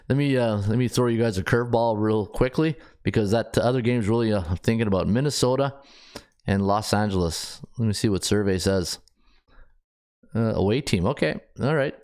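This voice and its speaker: At normal speed, a man with a mid-range, slightly mellow voice checks stats and thinks aloud on his sports betting podcast. It is casual solo analysis, marked by frequent restarts and filler words.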